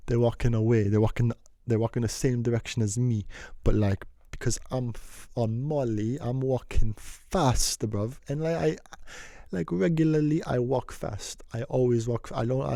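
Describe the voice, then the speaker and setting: A young man in a storytime vlog, talking loosely and full of slang as he wanders and doubles back through his tale. His voice is dark and mellow, and the sound is dry and close. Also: mid-range voice, dry recording. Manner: slangy, meandering, repeats himself. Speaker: vlogger telling a story. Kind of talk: rambling casual storytime.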